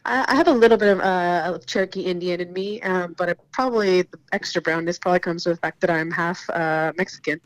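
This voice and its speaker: A woman's voice: on the low side, brisk, few pauses, low-quality recording. A young woman with a stuffy voice from bronchitis, a guest on a podcast, chatting casually and laughing often. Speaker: guest fighter.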